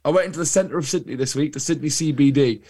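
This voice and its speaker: A young adult man with an English accent, co-hosting a podcast in casual chat, telling animated anecdotes. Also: fairly high pitch, fast talker, husky. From England. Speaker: podcast co-host.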